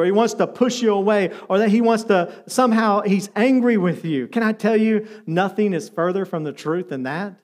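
A middle-aged man preaching to his congregation with a notably high voice. He tells stories with energy, then drops into a soft, tender delivery. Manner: storytelling, shifts between lively and soft tender delivery. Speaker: pastor. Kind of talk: sermon.

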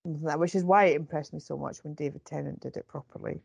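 A Scottish woman co-hosting a casual chat, animated and thinking aloud with plenty of ums. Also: sits low, racing, vocal fry, slightly rough, dry recording. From Scotland. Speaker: podcast co-host.

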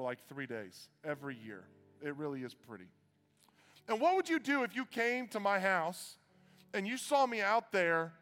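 A pastor preaching a sermon in a church, animated and self-mocking, swinging from quiet asides to loud bursts. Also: male voice, fairly high pitch. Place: church hall. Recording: live hall with long reverb.

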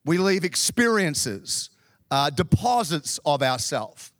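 A man's voice: a little high, very animated, takes it slowly, a bit bright, no echo, clean studio sound. A middle-aged Australian man preaching a sermon through humorous, self-deprecating stories from his youth. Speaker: pastor. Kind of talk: storytelling sermon.

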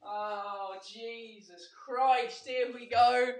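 A man's voice: very high voice, fairly even intonation, drawn-out words. A man hosting his own podcast and live show in casual chat. He rambles, swears freely and mocks himself.

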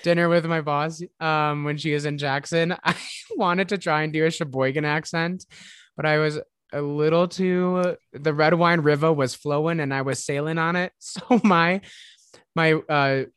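A man's voice: on the high side, fairly even intonation, moderate pace, fairly bright tone, clean tone, no echo, studio quality. A man with a Midwestern accent co-hosting a podcast, bantering playfully with frequent giggles. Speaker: podcast co-host. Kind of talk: casual chat.

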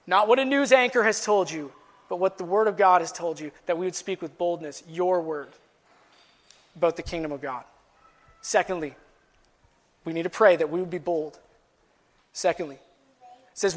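A man preaching a sermon in a high-pitched voice. He builds to emphatic passages, and his words ring out with a long reverb in a church hall. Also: moderate pace, long pauses, a bit bright. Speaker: pastor.

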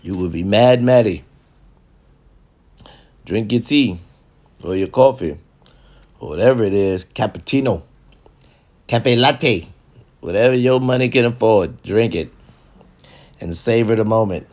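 Low-voiced man on a cussing rant. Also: measured pace, long pauses, darkish tone. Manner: repetitive, preachy and heavy with cursing. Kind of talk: profane comedic rant to camera.

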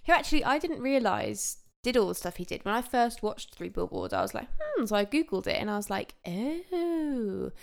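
A woman's voice: medium pitch, quick pace, gravelly, hardly any pauses. A young woman co-hosting a film podcast in casual, chatty talk, laughing often. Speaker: podcast co-host. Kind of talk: casual chat.

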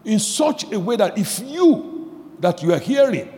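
Animated preacher with a lively high voice. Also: male voice, a little slow, big-room sound. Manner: animated preaching, swinging from quiet asides to shouted emphasis; repeats phrases for emphasis, asks the audience questions. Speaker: pastor. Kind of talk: sermon.

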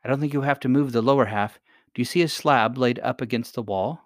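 A man's voice: medium pitch, brisk, no echo, clean studio sound, natural voice. A man voicing a sturdy, practical young miner boy who talks bluntly and matter-of-factly in a storybook reading. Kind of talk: audiobook character voice.

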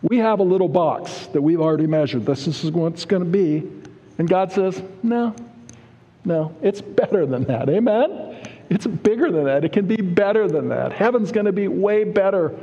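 A man's voice: high voice, lively intonation, moderate pace, mellow, dull audio. A male pastor preaching a sermon in a conversational way, often asking the congregation "Amen?". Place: church sanctuary. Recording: long reverb of a church hall.

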